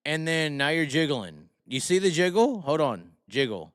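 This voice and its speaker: A man's voice: on the high side, very animated, moderate pace, a bit bright, clear, resonant tone, dry recording, clean studio sound. Rambling, incredulous male streamer. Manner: rambling, incredulous, lots of restarts and asides to viewers. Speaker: livestream host. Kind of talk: casual live-stream commentary.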